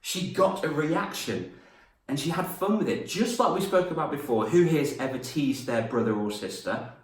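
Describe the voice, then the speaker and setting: A young man, a confidence coach and former teacher, telling stories in a lively lesson to camera and acting out voices as he goes. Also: fairly high pitch, moderate pace, distant mic. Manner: animated, laughs at his own stories, acts out voices. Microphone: camera mic. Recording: roomy echo, mic set back.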